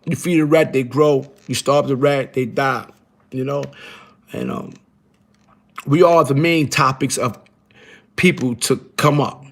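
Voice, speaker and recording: Speaking a little slowly and pausing often, the middle-aged man has a medium-pitched voice. As a guest on a live stream he rambles and repeats himself, peppering his profane, emphatic street talk with frequent "you heard?"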